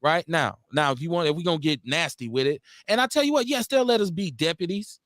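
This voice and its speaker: A man hosts a talk radio show, worked up and profane. He hammers his points with rhetorical questions. His voice sits high and sounds dry and close to the mic. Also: lively intonation, fast, a bit bright, no room sound. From Milwaukee, Wisconsin. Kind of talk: heated political talk radio rant.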